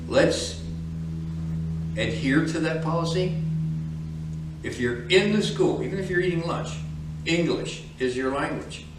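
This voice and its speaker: A man's voice: fairly high pitch, unhurried, long pauses, over music. A man instructing flight students in a classroom, speaking in a firm, direct, lecturing manner. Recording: echoey room, from far off.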